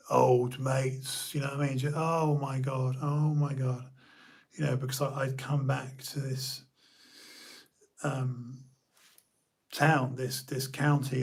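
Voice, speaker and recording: A man talks alone to his viewers in a long, wandering monologue. His voice is husky and sits at an ordinary pitch. He keeps stopping, restarting and poking fun at himself. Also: darkish tone. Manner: rambling, self-deprecating, halting with many restarts. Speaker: YouTube streamer. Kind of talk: rambling late-night solo monologue.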